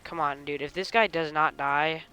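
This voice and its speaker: Excitable gamer man, bright forceful voice. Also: fairly high pitch, moderate pace, clear, resonant tone, soft background music. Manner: excitable, talks to himself and the enemies mid-fight; drops mock British slang now and then. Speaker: gaming channel host. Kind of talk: live gameplay commentary.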